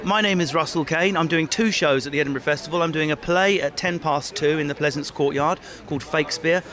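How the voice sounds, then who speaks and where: A man's voice: fairly high pitch, fairly quick, a bit bright. A man, a comedian, giving an upbeat, eager plug for his shows. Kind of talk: quick promo.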